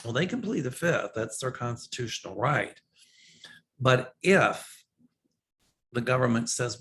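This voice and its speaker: A man's voice: medium pitch, expressive, unhurried, a bit bright, slight background noise. A man answering viewer questions as a psychic host in a casual, opinionated way, with frequent ums and restarts. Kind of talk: casual livestream Q&A.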